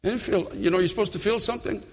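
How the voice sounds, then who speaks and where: Male preacher, high tenor, fervent testimony style, echoing sanctuary sound. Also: racing. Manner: fervent, repeats phrases, swings between hushed and loud. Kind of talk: sermon with personal testimony.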